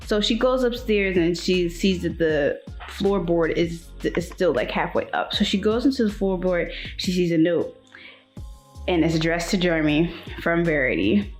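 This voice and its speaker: Young woman book vlogger, chatty, acts out the quotes, soft music under her. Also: fairly low pitch. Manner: animated retelling with acted-out quotes. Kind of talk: casual chat.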